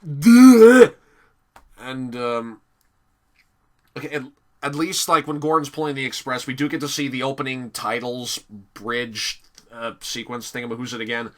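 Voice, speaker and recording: A man giving a casual, animated video review, often laughing and filling pauses with "um". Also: medium pitch. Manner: animated, giggly, many fillers.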